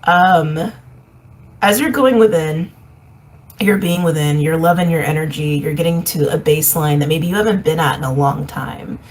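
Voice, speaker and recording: A woman giving a casual intuitive reading, meandering and repeating herself, reflective with soft laughs. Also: low voice, normal speed, low-quality recording. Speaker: intuitive reader.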